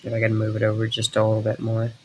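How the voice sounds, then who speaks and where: A man streaming while he draws, chatting casually in a halting, rambling way full of fillers. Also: on the low side, completely flat delivery, dark tone, slight background noise, low-quality recording. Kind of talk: casual live-stream chat while drawing.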